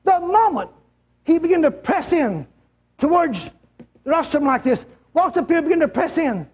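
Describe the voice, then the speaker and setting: High-pitched emphatic older preacher. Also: male voice, sing-song, moderate pace. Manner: emphatic, shouts out quotes, acts out a healed man's yells. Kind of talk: revival sermon storytelling. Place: large church before a crowd.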